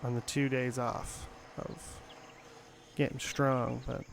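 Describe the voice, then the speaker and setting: A man's voice: mid-range voice, little pitch movement, slow, vocal fry, a little hiss or hum. A young man chatting casually while playing a game, rambling with many fillers. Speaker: gaming channel host. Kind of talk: casual gameplay commentary.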